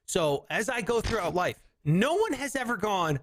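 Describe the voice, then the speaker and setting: A man's voice: high-pitched, big pitch swings, normal speed, fairly bright tone, a little hiss or hum. A man with a Southern drawl hosting a comedy podcast, chatting casually and slipping into silly voices and bits. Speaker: podcast host.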